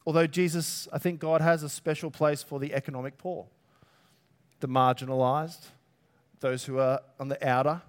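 A man's voice: on the high side, steady tone, normal speed. A man preaching a sermon. He talks in a conversational way, asks the listeners rhetorical questions and pushes his voice up on key words. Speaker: pastor.

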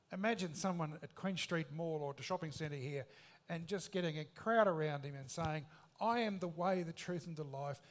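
A man preaching a sermon in an emphatic, conversational way, with rhetorical questions. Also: a little high.

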